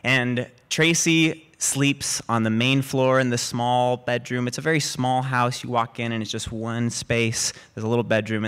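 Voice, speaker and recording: A man telling a true personal story live on stage in a lively way. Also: mid-range voice, smooth. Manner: lively, acts out quoted voices. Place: live stage before an audience.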